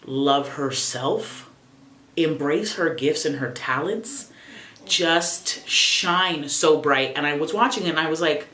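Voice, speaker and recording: A young adult woman vlogging casually at home, expressive, profane and sassy. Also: sits low, slow, reverberant, slight background noise. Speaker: YouTuber. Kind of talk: casual reflective vlog.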